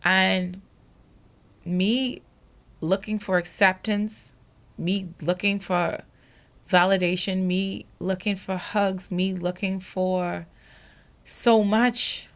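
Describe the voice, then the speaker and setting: A young woman host telling a personal story on her podcast, emotional and halting, with many fillers. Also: medium pitch, fairly even intonation.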